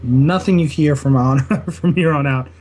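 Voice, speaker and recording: A man's voice: on the high side, a little slow, darkish tone. A young man co-hosting a casual gaming podcast, sarcastic and teasing, laughing often. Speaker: podcast co-host.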